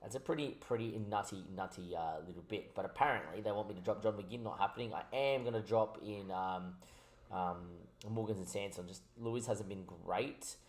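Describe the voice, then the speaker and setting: A man giving casual commentary on his football management game, a little tipsy from wine, switching between excitable mock match calls and chatty asides. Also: fairly low pitch, normal speed.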